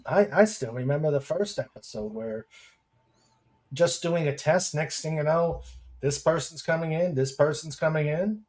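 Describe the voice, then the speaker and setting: A man's voice: on the high side, normal speed, a little mellow. A man hosting a casual podcast stream, chatting with guests and reading viewer comments aloud, with lots of fillers and chuckles. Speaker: podcast host.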